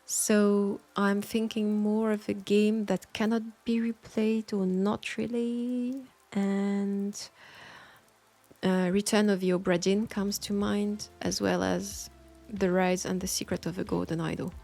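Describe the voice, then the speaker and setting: A woman with a French accent, an audio roleplay creator answering listener questions in a thoughtful, soft-spoken way with hesitant pauses. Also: medium pitch, flat delivery, gravelly, faint music behind. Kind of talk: Q&A talk.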